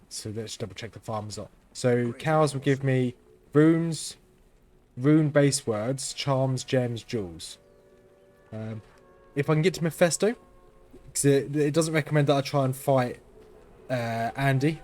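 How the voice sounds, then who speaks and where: A man hosting a let's-play, talking through his game in a flat, understated way as he thinks aloud. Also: mid-range voice, unhurried. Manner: monotone, understated delivery; thinking aloud while playing. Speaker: gaming channel host.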